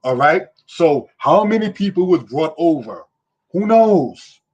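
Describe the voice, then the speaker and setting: Emphatic male teacher, husky and a bit high-pitched, preacherly lesson delivery. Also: animated, normal speed, highs cut off. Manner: repeats "you understand?" and "brothers and sisters". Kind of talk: history lesson.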